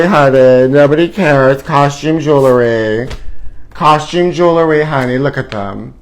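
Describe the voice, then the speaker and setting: A man's voice: mid-range voice, a little slow, rough recording. A man hosting a live gossip show, campy and sassy, calling his viewers honey and swinging between theatrical outbursts and asides. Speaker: host. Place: hot indoor studio.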